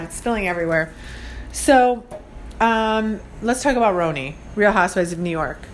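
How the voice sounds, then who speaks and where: A woman's voice: medium pitch, slight background noise. A woman in her forties hosting a casual solo podcast from her studio, rambling and chatty with frequent laughs. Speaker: podcast host.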